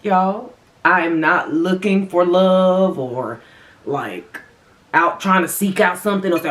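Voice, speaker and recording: A woman's voice: fairly low pitch, expressive, normal speed, a bit bright, echoey room. A woman vlogger chatting casually to viewers while eating, calling them y'all, her voice swinging up and down. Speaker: mukbang vlogger.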